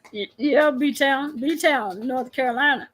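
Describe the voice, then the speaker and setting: Slow-talking high-voiced Texan woman. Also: poor audio. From Texas. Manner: laughs often, drawls, stammers. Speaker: livestream host. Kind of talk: casual livestream chat reading comments.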